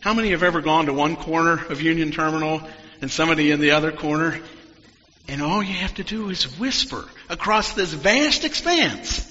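A man preaches a reflective sermon in a bright, slightly high voice, often sinking almost to a whisper. His words ring out through a large hall with a long reverb, and the sound is dull and muffled. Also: lively intonation, fairly quick. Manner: reflective storytelling, dropping to near-whispers.

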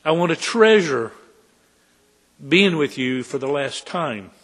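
A pastor preaching a heartfelt sermon in a church sanctuary, slow and earnest. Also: male voice, fairly high pitch, animated, fairly bright tone, long reverb tail.

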